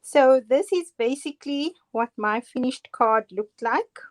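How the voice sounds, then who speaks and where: A woman's voice: high voice, animated, measured pace. A middle-aged woman with a Cape Town South African accent, casually demonstrating card making, chatty and self-deprecating with frequent laughs. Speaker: guest crafter demonstrating cards. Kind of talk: casual live craft demonstration.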